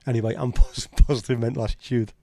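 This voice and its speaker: A man with a Scouse accent hosts a relaxed livestream chat. His voice is mellow and warm, recorded close and dry. He talks in blunt, sweary banter as he reads and answers comments. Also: medium pitch, fast, gravelly, dry recording. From Liverpool, England. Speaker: livestream host. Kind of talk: casual chat reading live comments.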